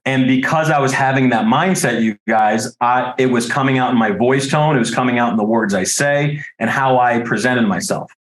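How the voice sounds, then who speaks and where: A man's voice: mid-range voice, normal speed, hardly any pauses. Man coaching sales agents in a roomy echo. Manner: direct and coaching, repeats "okay?" and "right?". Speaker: life insurance sales trainer. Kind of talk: training talk to sales agents.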